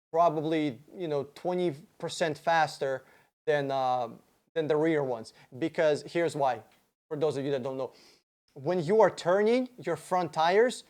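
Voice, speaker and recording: On a loose livestream Q&A, a man whose voice runs a little high reads out what viewers ask. He answers excitedly, rambling on and swearing freely.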